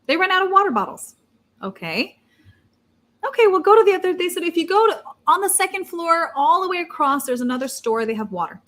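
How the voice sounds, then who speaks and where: Animated woman with a higher voice. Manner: animated, with frequent restarts and repeated words. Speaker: interviewee. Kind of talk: casual personal storytelling.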